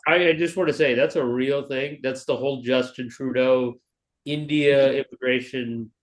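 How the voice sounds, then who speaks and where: A man's voice: mid-range voice, fairly even intonation, moderate pace. A young man chatting as a podcast guest, teasing and full of fillers. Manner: teasing, many fillers like 'like' and 'bro'. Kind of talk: casual podcast banter.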